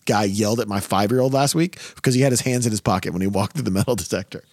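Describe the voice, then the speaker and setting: A man in his thirties hosting a casual podcast chat, telling stories in a loud, profane, animated way. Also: lowish voice, rapid-fire, dry recording, studio quality. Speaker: podcast host.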